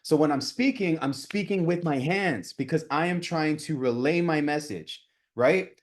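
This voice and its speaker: A man in his thirties coaching a live group on real estate cold calling, energetic and talking with his hands, often checking in with "right?". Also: a little high, normal speed.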